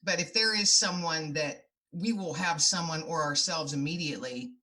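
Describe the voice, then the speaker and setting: A woman's voice: sits low, normal speed, bright, forceful tone. A middle-aged woman speaking as a podcast guest, telling her stories in an earnest, heartfelt way. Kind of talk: podcast interview.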